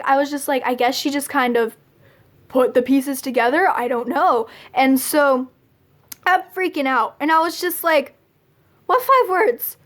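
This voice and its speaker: Young woman vlogger, high bright voice, chatty confessional storyteller who keeps saying like. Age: young adult. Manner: fills nearly every phrase with "like"; chatty, confessional, laughs between lines. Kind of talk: casual storytelling to camera.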